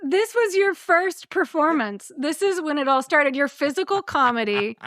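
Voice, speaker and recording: A woman's voice: high-pitched, lively intonation, normal speed, fairly bright tone, no echo. A woman in her thirties from Texas hosting a podcast, playful and teasing, laughing often. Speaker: podcast host. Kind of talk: casual chat.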